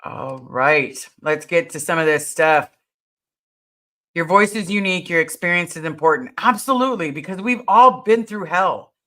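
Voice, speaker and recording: A woman hosting a casual livestream, talking straight to her viewers. Her voice is bright and forward, and she presses her points hard, repeating key words for emphasis. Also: fairly low pitch, expressive, normal speed. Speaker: livestream host answering viewer questions.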